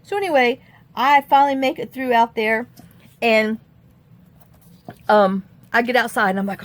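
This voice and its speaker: A woman telling a story in a casual vlog, animated and acting out the quotes. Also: a little high, normal speed, pauses often. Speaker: crafting vlogger.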